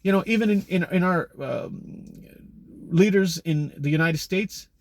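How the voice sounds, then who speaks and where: A man's voice: high-pitched, measured pace, dry recording. A man talking in a casual monologue, rambling and opinionated, often correcting himself mid-sentence. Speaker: commentator.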